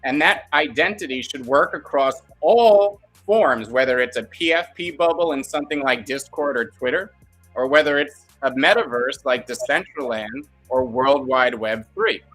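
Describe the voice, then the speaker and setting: A man's voice: mid-range voice, animated, normal speed, a bit bright, faint music behind. A man co-hosting a casual podcast chat, playful and jokey, explaining things at length. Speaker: co-host.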